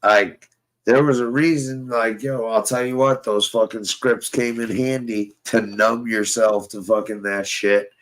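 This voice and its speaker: A man's voice: fairly low pitch, steady tone, measured pace, a bit bright, poor audio. A young man telling rambling, profane stories in casual chat with a friend. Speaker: host.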